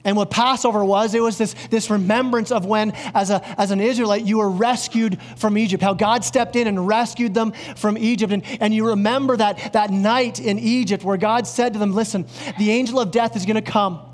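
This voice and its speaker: A male pastor preaching an earnest sermon, dropping lower and slower on key words. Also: steady tone. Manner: earnest, drops low and slow on key words. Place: church.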